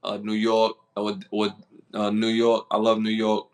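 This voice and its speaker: A man's voice: on the low side, monotone, normal speed. A man co-hosting a podcast, chatting in a loose, slangy, laid-back way with plenty of fillers. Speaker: podcast co-host. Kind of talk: casual chat.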